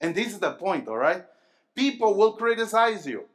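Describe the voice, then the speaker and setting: A man preaching a sermon to young people, asking the congregation questions and calling for answers, moving between low, quiet stretches and loud emphatic bursts. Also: big pitch swings, normal speed. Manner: call-and-response, asking the crowd questions. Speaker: pastor. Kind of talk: sermon to a youth rally.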